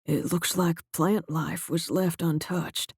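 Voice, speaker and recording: Narrator doing a shaken director guy, low and grave, dry close recording. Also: fairly even intonation, husky, no echo, full character voice. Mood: grim. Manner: quiet, halting, grave. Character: shaken middle-aged male agency director.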